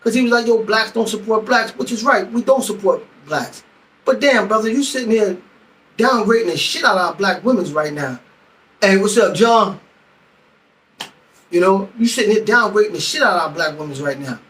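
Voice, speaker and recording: A man's voice: sits high, lively intonation, normal speed, a bit bright, recorded from a distance, poor audio. A middle-aged man venting heatedly, telling a story with lots of profanity and acting out both sides of an argument. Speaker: vlogger. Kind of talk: venting monologue.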